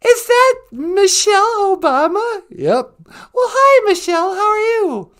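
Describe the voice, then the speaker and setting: A man voicing a playful female co-host in a high falsetto, giggling and teasing. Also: big pitch swings, takes it slowly, heavily acted.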